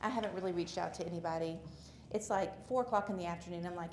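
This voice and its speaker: A woman from Alabama with a Southern accent, speaking at a church gathering and telling a personal story in a chatty, animated way while asking the audience questions. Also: lowish voice, quick pace, a little hiss or hum. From Alabama, USA. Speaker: conference speaker. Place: church hall with a live audience.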